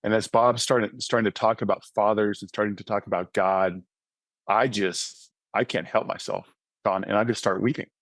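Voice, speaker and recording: Earnest low-voiced man telling his story. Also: steady tone, moderate pace, no room sound. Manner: earnest storyteller, often checks in with "right?". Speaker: podcast guest, author and mentoring ministry founder. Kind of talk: personal testimony in casual conversation.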